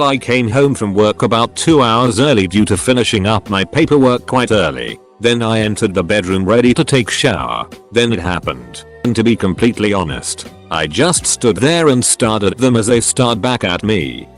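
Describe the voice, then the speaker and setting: Male storyteller, low voice with lively swings, dry conversational read, faint music underneath. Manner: dry, conversational first-person retelling. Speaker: story narrator. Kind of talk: scripted story narration.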